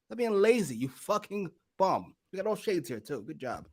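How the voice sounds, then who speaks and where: A male podcast co-host tearing into the show with exasperated, expletive-filled rants. His fairly high voice swings widely in pitch as he vents. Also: very animated, moderate pace, a little mellow. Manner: profane, exasperated ranting. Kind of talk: casual wrestling review chat.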